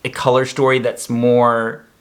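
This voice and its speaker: A man's voice: mid-range voice, level tone, measured pace. A young man casually reviewing makeup in a chatty, campy vlog with joking asides.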